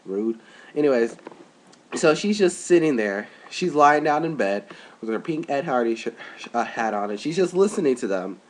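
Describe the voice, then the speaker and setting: A young man in a rambling, filler-heavy casual webcam vlog, recorded at home, jumping his voice up high for quoted people. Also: expressive, normal speed, a little hiss or hum. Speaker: vlogger. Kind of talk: casual chat.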